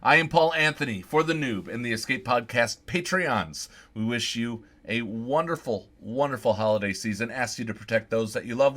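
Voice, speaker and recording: Man, bright tone, friendly sign-off, upbeat, handing over to hosts. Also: mid-range voice, moderate pace, few pauses. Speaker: guest segment host. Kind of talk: show sign-off.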